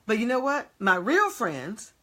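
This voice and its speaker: A woman's voice: a little high, very animated, unhurried, fairly bright tone. A middle-aged woman teaching a group of women, emphatic, drawing out key words and checking in with "okay?" after each point. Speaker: women's ministry speaker and teacher. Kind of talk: motivational teaching to a live group.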